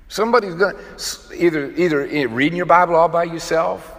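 Male preacher, fairly high voice, emphatic, restarts often, echoing church hall. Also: fairly quick, hardly any pauses, fairly bright tone. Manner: emphatic, repetitive restarts, acts out quoted voices. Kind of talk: sermon. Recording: long hall reverb.

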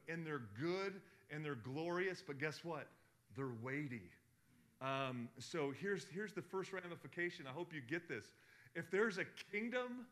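A middle-aged man preaching a sermon, asking the congregation questions and swinging from hushed to loud. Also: fairly high pitch. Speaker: pastor.

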